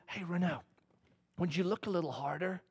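A man voicing God as a soft, slow, patient inner whisper. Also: husky. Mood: gentle. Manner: hushed, slow and low.

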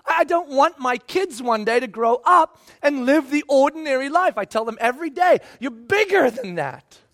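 A man's voice: very high-pitched, moderate pace, fairly bright tone. A middle-aged male pastor preaching a sermon, emphatic and repeating himself as he acts out quotes.

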